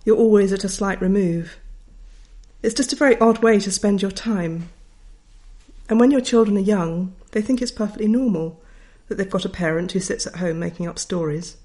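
A woman's voice: mid-range voice, normal speed, mellow. Wry middle-aged woman reading her memoir. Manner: wry, reflective storytelling. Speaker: author. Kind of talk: reading a personal memoir aloud.

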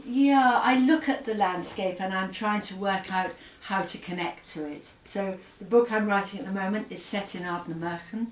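A woman's voice: on the low side, recorded from a distance. Middle-aged woman with an English accent, roomy sound. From Scotland. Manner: thoughtful, hesitant, with frequent fillers. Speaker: author, guest. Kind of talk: reflective interview conversation.

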